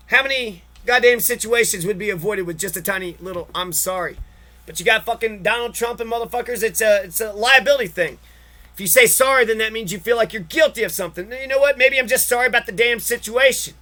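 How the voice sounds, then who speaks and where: A man with a strikingly high voice and a piercing, sharp edge, ranting about politics as a podcast host. He swears constantly and sounds exasperated, piling one profane jab on the next. Every line comes out hard-edged and cutting. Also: fast.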